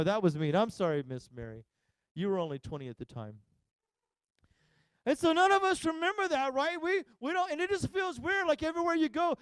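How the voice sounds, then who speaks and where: Man, pastor, jokey sermon, high clear voice, dry sound. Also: no echo. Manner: jokey storyteller acting out quoted voices. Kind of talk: humorous sermon. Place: church service live stream.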